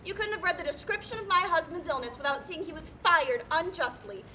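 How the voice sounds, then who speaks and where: A woman's voice: very high voice, brisk, bright, forceful tone, slight background noise. A woman playing a distraught, pestering woman petitioner in a live stage play, whiny and theatrical, recorded on a school stage. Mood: pleading. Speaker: stage actor.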